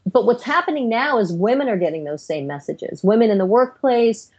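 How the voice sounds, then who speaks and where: A woman's voice: fairly high pitch, animated, fairly quick, a little mellow, slightly rough, dull audio. A middle-aged woman, a psychiatrist guest on a podcast interview, explaining her views earnestly in long, flowing runs.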